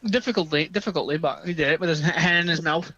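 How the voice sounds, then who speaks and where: A man's voice: fairly high pitch, fast, bright, forceful tone. A man playing a tabletop game in a playful, giggly way, heard through a dull lo-fi mic. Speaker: player.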